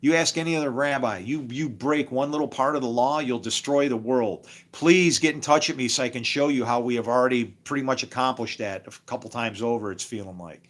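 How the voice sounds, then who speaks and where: A man's voice: medium pitch, brisk, hardly any pauses. A man talking casually on a live stream, rambling from story to story and chuckling often, with preachy asides. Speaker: livestreamer.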